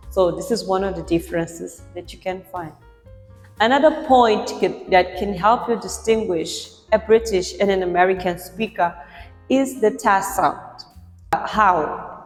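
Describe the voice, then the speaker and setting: With a medium pitch, a woman pronunciation teacher guides learners through a lesson in clear explanations, patiently saying example words again for comparison. Faint music sits beneath her voice, which rings in a roomy space with a long reverb tail.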